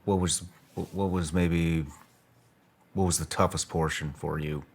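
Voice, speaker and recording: A man's voice: sits low, fairly even intonation, measured pace, creaky, husky. A man hosting a podcast interview, saying short yeahs and restarting his questions. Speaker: podcast host.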